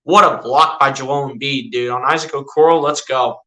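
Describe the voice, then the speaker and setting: A man giving casual fan-style live play-by-play of a basketball game, chatty and excitable, often tossing in "dude". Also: medium pitch, moderate pace. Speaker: streamer doing live play-by-play.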